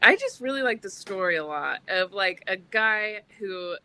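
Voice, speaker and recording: Bright-voiced woman chatting about movies. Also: mid-range voice, expressive, normal speed, clear, resonant tone. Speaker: podcast co-host. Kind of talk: casual movie discussion.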